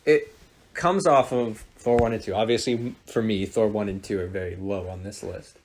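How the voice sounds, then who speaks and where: A man's voice: fairly low pitch, steady tone, normal speed, darkish tone, slight background noise. Laid-back young man reviewing casually. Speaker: podcast co-host. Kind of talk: casual chat.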